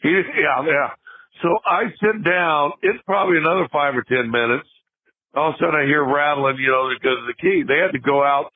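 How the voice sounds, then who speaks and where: An older man, a former basketball player appearing as a podcast guest, tells a funny story in casual chat, restarting a lot and laughing throughout. His voice sits on the high side and moves fairly quickly, heard over a tinny phone line.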